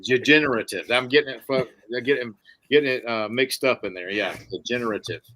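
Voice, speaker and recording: Man, podcast co-host, bright forceful tone, folksy, rambling. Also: medium pitch, brisk. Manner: rambling, restarts often, folksy Southern sayings. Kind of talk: casual podcast chat.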